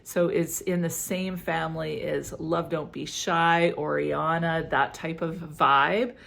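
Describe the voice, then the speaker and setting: Gravelly, chatty middle-aged woman reviewer. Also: low-pitched, fairly even intonation, takes it slowly, fairly bright tone. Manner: chatty, giggly, gushing. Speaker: fragrance reviewer. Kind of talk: casual product review.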